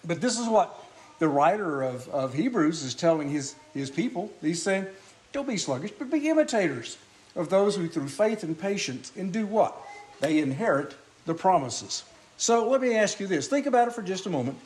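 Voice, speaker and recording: A man delivers a sermon in a high voice, asking his congregation questions as he goes. He coughs now and then and keeps clearing his throat. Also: a little mellow. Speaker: preacher.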